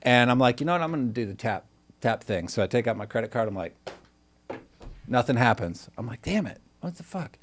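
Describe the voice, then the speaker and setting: A man's voice: medium pitch, fairly quick, long pauses, slight background noise. An American man co-hosting a podcast, telling stories in casual banter and acting out the people he quotes. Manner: animated storyteller, acts out quotes. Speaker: podcast co-host.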